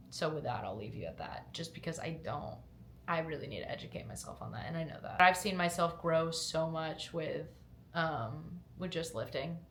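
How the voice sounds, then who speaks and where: A young fitness lifestyle vlogger from upstate New York, raised in Georgia, answers viewer questions in a casual Q&A to camera. Her low voice carries a slight Southern twang blended with upstate New York. She's candid and chatty, hedging with fillers and turning upbeat when motivating, in an echoey room.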